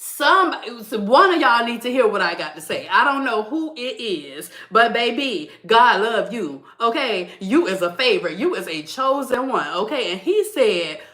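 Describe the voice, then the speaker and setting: A woman in her thirties hosting her weekly live stream, talking in a lively, preachy way to her viewers, calling them baby and y'all and laughing often. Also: fairly high pitch, measured pace, hardly any pauses. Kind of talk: casual motivational live stream talk.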